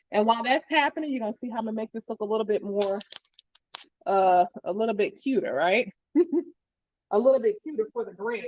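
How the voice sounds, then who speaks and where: A woman with a slightly high voice and a fading New Jersey accent hosts a live cooking demo, and the recording's highs are cut off. She's upbeat and chatty, reading viewer comments as she cooks.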